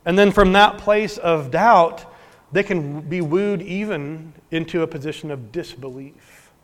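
A man preaching a sermon as pastor, earnest, swinging from emphatic to hushed. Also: on the high side, unhurried. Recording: long hall reverb.

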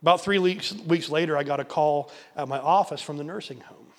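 A male pastor relates a story to his congregation with earnest feeling, his fairly high voice sinking to a hush at tender moments. He doubles back on words as he builds toward his point. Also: fairly quick, hardly any pauses. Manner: earnest, drops to soft near-whisper, repeats words for emphasis. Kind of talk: sermon with storytelling.

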